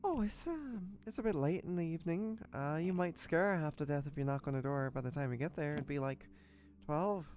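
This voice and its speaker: A man's voice: a little high, expressive, brisk, a little mellow, pitched above the performer's own voice, lightly acted. A man voicing a young Irish woman fortune-teller who reads cards, friendly and obliging, with faint music behind.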